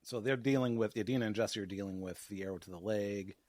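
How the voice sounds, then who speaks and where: Low-voiced wry podcast host. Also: male voice, fast, a little mellow, dry recording. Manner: wry, teasing. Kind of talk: casual chat, recapping an episode.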